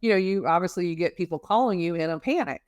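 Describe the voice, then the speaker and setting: On an interview show, a guest expert on emotional regulation talks about emotions conversationally, full of fillers and homely comparisons. She speaks fast in a lowish, darkish voice with no echo.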